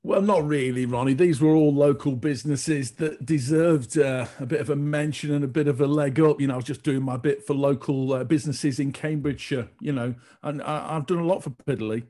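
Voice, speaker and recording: A man's voice: on the high side, brisk, few pauses, dark tone. A man presenting a radio show, trading jokes in casual banter and chuckling at himself. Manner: jokey, chuckling, self-mocking banter.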